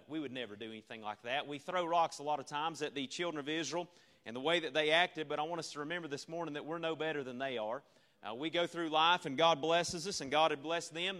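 A man's voice: fairly high pitch, bright, forceful tone. A man preaching a revival sermon, earnest and repetitive, asking the congregation rhetorical questions. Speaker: visiting preacher.

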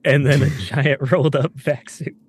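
A man's voice: mid-range voice, little pitch movement, moderate pace, slightly rough. A man playing a tabletop game, bantering in character with joking asides. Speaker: player.

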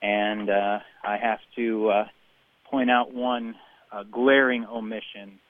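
Low-voiced man, hesitant phone voicemail. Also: level tone, takes it slowly, phone-quality sound. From Chicago. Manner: hesitant, many filler uhs, enthusiastic. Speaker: caller. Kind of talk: listener voicemail.

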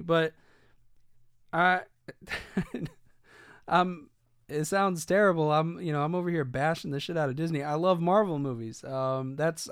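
A man's voice: a little high, clear, resonant tone, dry recording, studio quality. A man giving casual video commentary, rambling and swearing, with many fillers and restarts.

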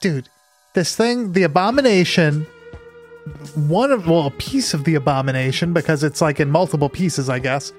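Excitable, profane young-sounding man. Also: on the high side. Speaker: podcast co-host. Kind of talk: casual movie discussion.

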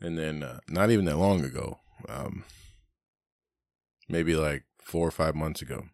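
Low-voiced dude cussing his way through a long story, dry close mic. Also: unhurried, creaky, a little mellow, no room sound. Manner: profane, rambling, laughs while telling stories. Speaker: podcast host. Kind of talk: casual storytelling chat.

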